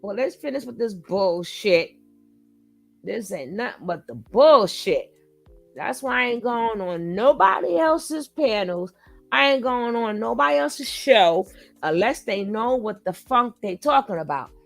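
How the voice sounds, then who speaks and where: A woman's voice: a little high, expressive, measured pace, vocal fry, faint music behind. A woman hosting a reaction commentary, talking bluntly and mockingly with plenty of profanity. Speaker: commentary channel host.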